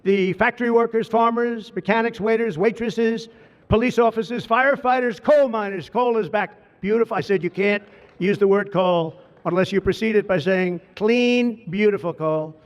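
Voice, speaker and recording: A man's voice: sits high, steady tone, normal speed. An American man giving an ad-libbed public speech at a ceremony, rambling and digressive, repeating lavish praise. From United States. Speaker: politician addressing a crowd. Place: large outdoor ceremony at an official residence. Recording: dull reverberant public-address sound.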